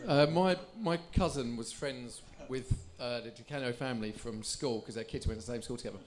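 A man's voice: medium pitch, a little fast, darkish tone, slight background noise. A man hosting a live podcast who quizzes his guest and reads out award results in a chatty way. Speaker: podcast host.

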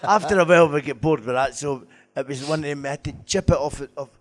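A man's voice: on the high side, quick pace. A man, a former footballer telling laughing, swearing anecdotes at a live stage Q&A.

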